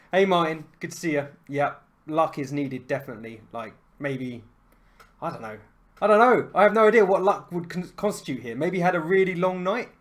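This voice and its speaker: A young adult man from the United Kingdom, a chess streamer chatting casually to his viewers in an excitable, self-mocking way. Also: fairly high pitch. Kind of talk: casual live-stream chat.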